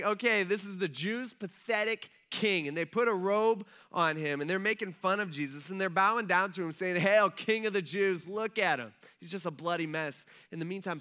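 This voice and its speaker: A man's voice: fairly high pitch, bright, forceful tone. A male pastor giving a sermon as casual, conversational storytelling with slang, acting out the voices of the people in the story.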